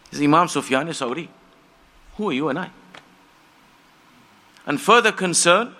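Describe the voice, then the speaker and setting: Bright-voiced impassioned male preacher. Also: a little high. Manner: impassioned storytelling, acts out quoted voices. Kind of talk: sermon.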